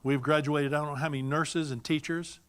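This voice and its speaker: Older male church speaker, bright and slightly high voice, folksy and animated storyteller. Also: a little fast, smooth. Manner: animated, folksy storytelling with bursts of loud greetings. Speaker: church speaker for a mission ministry. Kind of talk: sermon-style storytelling to a congregation.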